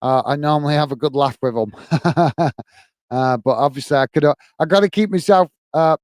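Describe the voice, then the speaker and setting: A friendly man hosts a live football stream, calling the play and chatting with viewers between moves. His voice sits a touch high and sounds clean and smooth, recorded close on a dry mic with no room sound. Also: normal speed, darkish tone, dry recording. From United Kingdom. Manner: chatty, reads out viewer comments and thanks them by name; many fillers and restarts, friendly banter. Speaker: host of a football watch-along stream. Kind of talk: live match commentary and chat with viewers.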